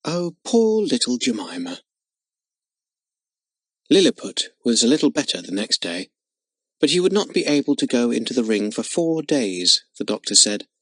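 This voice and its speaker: Male storybook narrator, expressive, mid-pitched, very dry sound. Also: normal speed, long pauses, no room sound. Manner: expressive, dramatic reading. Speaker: audiobook narrator.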